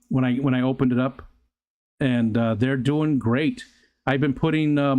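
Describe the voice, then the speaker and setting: Older male livestream host, casual halting chatter, reads comments and drifts between topics. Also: medium pitch, a little mellow. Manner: rambling, halting, with frequent restarts and fillers. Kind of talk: casual live chat reading viewer comments. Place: outdoors near a pond.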